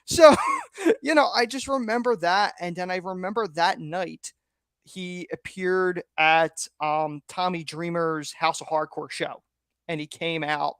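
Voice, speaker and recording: A man co-hosting a podcast, telling a story in a lively way and laughing often. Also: on the high side, smooth, no echo, studio quality. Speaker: podcast co-host. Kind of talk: casual chat, anecdote telling.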